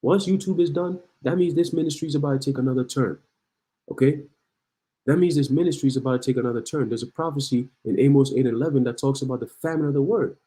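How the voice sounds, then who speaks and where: Dude ranting and preaching about the news, kinda warm low-key voice. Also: male voice, quick pace, rough recording. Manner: heated, preachy, reads news aloud then rants. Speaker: online preacher.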